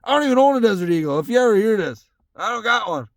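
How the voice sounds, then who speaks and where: A man's voice: high-pitched, very animated, fast, no echo, clean studio sound. A young man hosting a casual solo podcast from his truck, ranting in a heated, rambling way and swearing constantly. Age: young adult.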